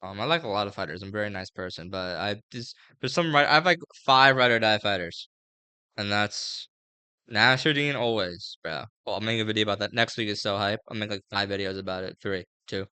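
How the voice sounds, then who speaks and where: A man's voice: on the low side, brisk, pushed and bright, smooth, no room sound. A man giving a casual, rambling fight breakdown, full of fillers and slang. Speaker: MMA fight previewer.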